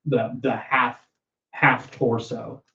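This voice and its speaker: A man's voice: medium pitch, little pitch movement, slow pace, pushed and bright. A man acting as game master, narrating a tabletop game in a rambling, hesitant way with lots of fillers. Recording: roomy, dull lo-fi audio.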